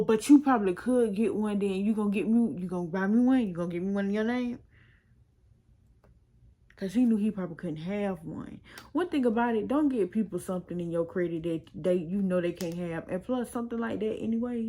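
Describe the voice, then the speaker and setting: A young woman with a dark, medium-pitched voice tells a personal story on her storytime vlog at a moderate pace. She's casual and chatty, full of slang, and often quotes what other people said.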